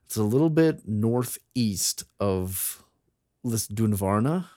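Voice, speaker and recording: A man's voice: lowish voice, expressive, takes it slowly, warm tone, no room sound. A man co-hosting a casual chat, reading a folk tale aloud and acting out the quoted characters. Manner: reads aloud with theatrical voices for quoted characters. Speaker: podcast co-host.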